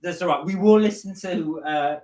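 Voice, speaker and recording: A man's voice: fairly high pitch, normal speed, darkish tone. A man from Somerset co-hosting a live stream, chatting casually, reading out viewer comments and telling stories. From Somerset, England. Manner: chatty storyteller who mimics other people's voices. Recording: echoey room.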